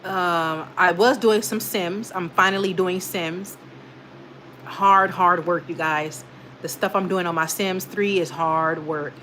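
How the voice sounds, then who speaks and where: A young woman runs a casual livestream, talking directly to viewers and reading their comments aloud as she rambles with lots of fillers. Her voice is fairly low, steady, and fairly bright, and she speaks slowly over a faint hiss or hum.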